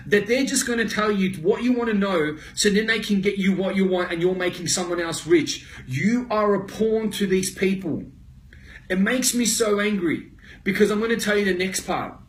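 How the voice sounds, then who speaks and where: An Australian man speaks straight to camera in a fairly high voice. He tells his story with raw intensity, stressing words hard and swearing freely as a motivational speaker. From Melbourne, Australia. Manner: intense, emphatic, swears often. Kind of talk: personal story told to camera.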